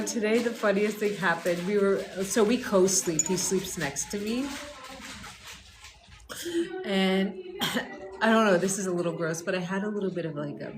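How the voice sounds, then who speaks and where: A woman born in Canada and raised in the US chats casually and rambles while livestreaming about wellness from home. Her pitch is medium, and the background is noisy.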